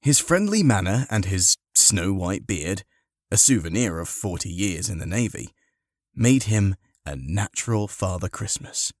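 A man narrating a storybook in a slow, measured, expressive way. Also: deep voice, no room sound, studio quality.

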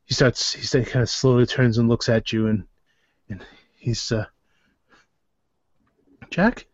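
A man narrating as game master in a tabletop game, halting and full of restarts. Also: mid-range voice, level tone, no room sound. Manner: halting, many fillers and restarts. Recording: dry, dull lo-fi sound.

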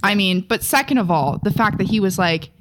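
A young woman co-hosting a podcast in casual chat, animated and exaggerated, swearing freely as she tells a story. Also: medium pitch, fairly quick, background noise. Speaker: podcast co-host.

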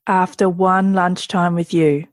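A woman's voice: lowish voice, little pitch movement, measured pace, no room sound. Encouraging woman interviewer. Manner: encouraging listener, short affirmations. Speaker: interviewer, podcast host. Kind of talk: casual interview.

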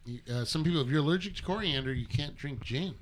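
A man's voice: on the high side, fast, slight background noise. A man hosting a casual group chat on a podcast, joking and breaking into bits of song. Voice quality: animated, jokey, breaks into snatches of song.

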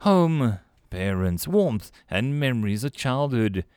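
A man voicing a polite, cryptic, many-eyed tentacled alien noodle vendor in a storybook reading, with a deep, wet, formal way of speaking. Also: sing-song, slow pace, darkish tone, smooth, no echo, studio quality. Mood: courteous, cryptic. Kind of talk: audiobook character voice.

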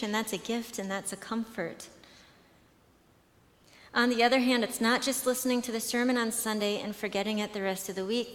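Woman, conference speaker, chatty storyteller with frequent restarts, mid-pitched, booming hall. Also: slight background noise. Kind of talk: conversational talk with storytelling. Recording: long hall reverb.

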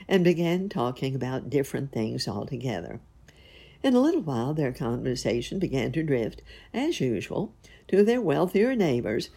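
A woman reading a folk tale aloud in a gentle, measured way. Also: rumbling low, creaky, breathy edge. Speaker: storyteller. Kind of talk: storybook reading.

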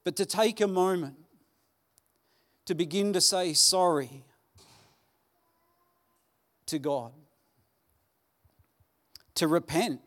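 A man preaching a Sunday sermon, earnest and pleading, with dramatic pauses. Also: high-pitched, fairly bright tone. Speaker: pastor. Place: church hall.

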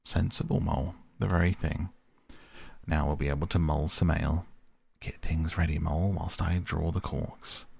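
A man reading a storybook, voicing a commanding, hearty male water rat in a deep, gravelly voice. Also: little pitch movement, darkish tone, dry recording, full character voice. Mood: approving. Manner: commanding, brisk.

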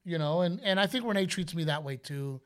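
Chatty man, fairly high voice. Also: fairly quick. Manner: storytelling, loose and chatty with fillers. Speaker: podcast co-host. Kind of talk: casual chat.

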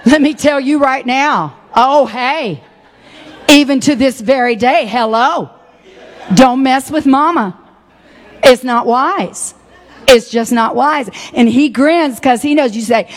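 A middle-aged woman preaching a sermon, switching between folksy asides and fiery shouting. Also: sits high. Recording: long hall reverb.

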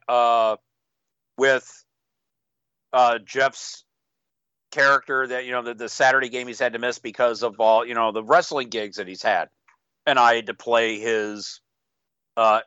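A man's voice: medium pitch, moderate pace, no room sound, lo-fi sound. A man who runs tabletop games, telling stories in casual chat and slipping into playful voices. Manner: animated storytelling with playful voices. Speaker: game master and podcast co-host.

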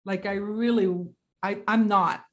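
A woman shares a personal story in a casual conversation, her medium-pitched voice earnest and reflective. She speaks haltingly, pausing and circling back as she gathers her thoughts. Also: steady tone.

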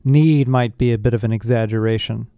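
A man's voice: medium pitch, steady tone, fairly quick, warm tone, clean tone, dry recording, studio quality, natural voice. A man voicing an anxious, prim teenage girl in a plain, worried tone.

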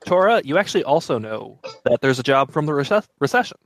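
A man running a tabletop role-playing game as game master, halting and full of fillers, with a wry tone. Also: medium pitch, very animated, a little hiss or hum.

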